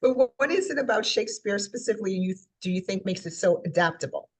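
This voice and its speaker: Female interviewer, husky tone, chatty and upbeat. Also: mid-range voice, animated, quick pace. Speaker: interview host. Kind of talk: conversational interview.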